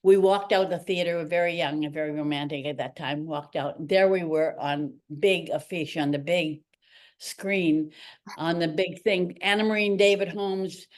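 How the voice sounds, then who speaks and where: An older woman from Canada, a retired ballerina, telling stories in a casual interview and acting out the voices of the people in them. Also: fairly low pitch. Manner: animated storyteller acting out quoted voices. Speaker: guest, retired ballerina and teacher.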